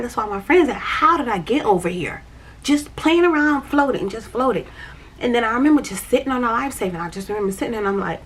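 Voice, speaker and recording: A woman's voice: medium pitch, husky. A woman tells a personal story, repeating phrases as she vividly recounts the moment.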